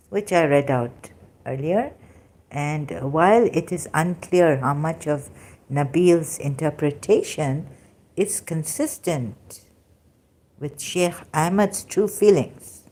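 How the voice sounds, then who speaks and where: Slow, low-voiced woman reading aloud. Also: mellow. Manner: slow, halting reading with asides and fillers. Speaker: religious commentary channel host.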